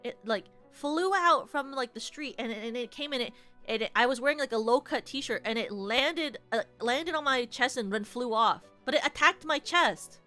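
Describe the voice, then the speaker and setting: A young woman streamer telling stories casually to her chat, animated, with lots of "like", shrieking when she relives the scary parts. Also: high-pitched, normal speed, soft background music.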